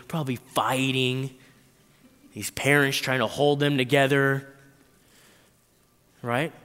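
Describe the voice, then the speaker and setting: A man's voice: medium pitch, long reverb tail. A man preaching a sermon, telling stories with big voice swings and frequent asides to the audience. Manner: animated storytelling with quick voice swings, frequent "right?".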